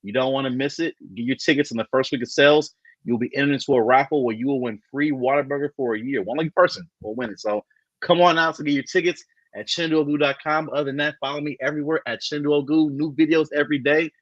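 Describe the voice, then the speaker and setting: A comedian from Texas, chatting as a guest in a playful, exaggerated way. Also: male voice, fairly high pitch, quick pace, no room sound, muffled recording. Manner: playful, exaggerated, repeats words. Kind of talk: casual chat.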